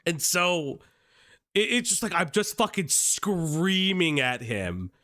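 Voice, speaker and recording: A man's voice: on the high side, expressive, takes it slowly, bright, forceful tone. A man hosting a commentary stream, telling a story in casual chat, laughing often mid-sentence and swearing a lot. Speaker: stream host.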